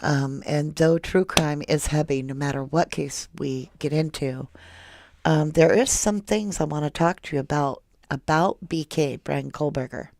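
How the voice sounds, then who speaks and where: A woman hosts a live true crime stream and chats emotionally with her viewers. Her voice is low and gravelly, and she speaks slowly. The sound is dry and close. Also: a little mellow. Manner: emotional, chatty, reads viewer comments aloud. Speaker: true crime livestream host. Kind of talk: casual livestream chat with viewers.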